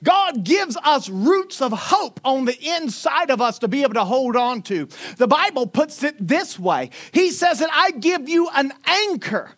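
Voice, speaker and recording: Woman preacher, Northwest Florida accent, forties, high voice, chatty sermon with jokes. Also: sing-song, a little slow, hardly any pauses. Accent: Northwest Florida Southern. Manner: conversational, joking asides to congregation. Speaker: pastor.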